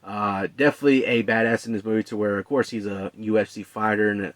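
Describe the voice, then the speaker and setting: A man with a fairly low voice gives a relaxed, unscripted movie review. He rambles, with plenty of fillers and restarts. The sound is close and dry, with no room echo. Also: fast. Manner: relaxed, conversational.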